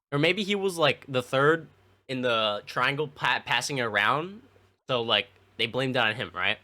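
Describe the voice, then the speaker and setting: A man's voice: mid-range voice, bright, forceful tone. A young man casually telling childhood stories to his stream chat, rambling and swearing with plenty of fillers. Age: young adult. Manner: rambling, profane, lots of fillers.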